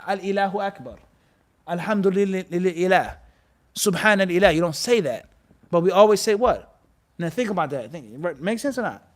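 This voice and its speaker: A man giving an animated religious lecture and firing rhetorical questions at his listeners. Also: high-pitched. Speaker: Islamic teacher.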